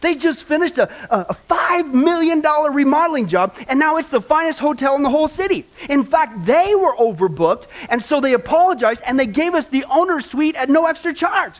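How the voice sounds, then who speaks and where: A man voicing a boastful, well-to-do woman in a told joke, lifting his voice high and gushing. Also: expressive, fairly quick, few pauses. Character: boastful, well-to-do New York woman client.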